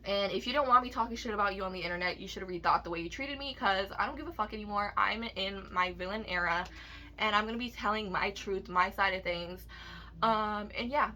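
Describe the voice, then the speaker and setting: A woman's voice: mid-range voice, a little fast, sharp tone, slight background noise. A young woman in a casual vlog, ranting emotionally to her viewers with heavy swearing.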